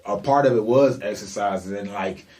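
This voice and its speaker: A man's voice: on the low side, normal speed, darkish tone, recorded from a distance. A man co-hosting a music podcast, telling rambling, laid-back stories. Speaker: podcast co-host. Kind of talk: casual podcast chat.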